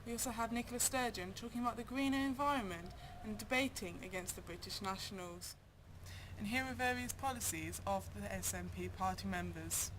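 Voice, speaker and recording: A woman's voice: medium pitch, brisk. A woman presenting an amateur mock news show, reading in a plain way. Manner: plain read-aloud delivery. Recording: background noise.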